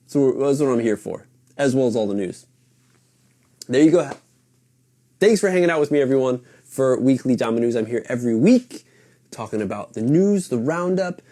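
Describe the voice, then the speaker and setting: This is a man hosting a weekly hobby podcast from his home in Japan, chatting loosely in a casual live-stream style. His voice is medium-pitched and a bit mellow, and he rambles and swears casually as he goes.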